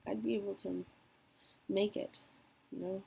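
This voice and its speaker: Young woman, personal vlog, slow and gravelly, mellow dark tone, candid and emotional. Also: mid-range voice, level tone, poor audio. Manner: candid, emotional, trailing pauses. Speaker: vlogger.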